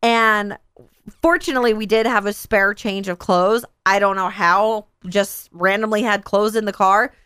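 A woman's voice: mid-range voice, measured pace, clean tone, no room sound, clean studio sound. A woman in her thirties telling a funny family story in casual chat, acting out the voices as she goes. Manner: animated, acts out a child's and others' voices in her stories.

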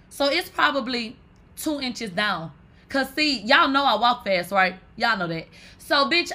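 A woman with a high, bright voice chatting on her live stream. She rambles through stories to her viewers, full of "like" and profanity, and keeps addressing them as "bitch". Her talk is loose and animated. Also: moderate pace. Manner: animated, profane, swears and calls listeners "bitch" often; rambling, with many fillers like "like". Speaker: livestream host. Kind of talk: casual storytelling to viewers.

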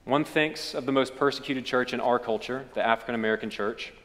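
Kentucky man preaching, mid-pitched, long church reverb. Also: brisk. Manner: storytelling preacher, swells then drops to quiet. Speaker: pastor. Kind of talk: sermon.

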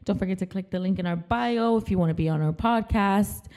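A woman's voice: mid-range voice, a little fast, a little mellow. Woman podcast co-host, filler-heavy talk. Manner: filler-heavy storytelling, lots of "like". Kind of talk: casual chat.

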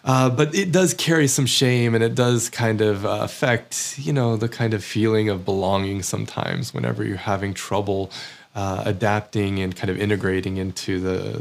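Gravelly-voiced man musing thoughtfully. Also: fairly low pitch, moderate pace. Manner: thoughtful, hedging with frequent fillers. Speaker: immigrant sharing experiences. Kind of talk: reflective casual monologue.

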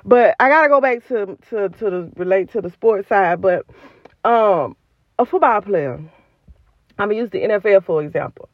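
A woman's voice: medium pitch, lively intonation, moderate pace, no room sound, muffled recording. A woman hosting a podcast, giving an emphatic, repetitive, preacherly motivational talk recorded on her phone. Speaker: podcast host.

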